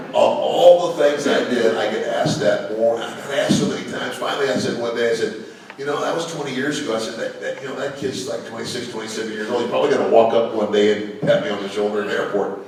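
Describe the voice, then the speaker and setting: A man's voice: mid-range voice, fairly quick, a crowd in the background. An older man telling anecdotes to a live audience, in a chatty storytelling way with many fillers. He is recorded from a distance in a large hall with an audience. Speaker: guest speaker. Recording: echoey hall, mic from far off.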